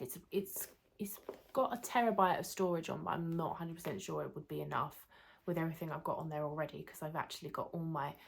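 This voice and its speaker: Slightly losing her voice, a young British YouTuber with a low-ish voice rambles through a casual vlog chat, self-deprecating and laughing lightly. Sound comes from a camera mic set up under a ring light.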